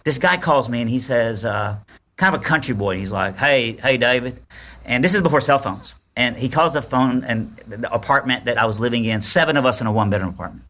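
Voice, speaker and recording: Bright-voiced animated male storyteller. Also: mid-range voice, fast. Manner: animated storyteller, acts out quotes. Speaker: podcast guest. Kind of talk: storytelling in casual chat.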